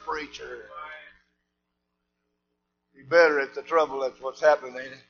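A man preaching a sermon, swinging between shouted preaching and low asides. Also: steady tone, moderate pace, pauses often, dull audio.

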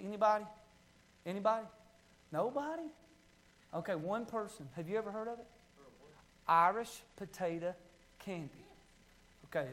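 A man with an Appalachian accent preaching a sermon, fervent, often rising to a shout and calling for amens. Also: extremely high pitch.

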